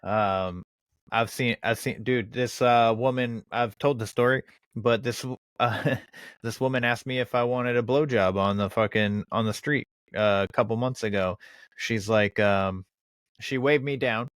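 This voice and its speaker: A man's voice: medium pitch, unhurried, a bit bright, smooth, no echo, clean studio sound. A man hosting a podcast, chatting casually and telling rambling, profane stories. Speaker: podcast host. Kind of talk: casual chat.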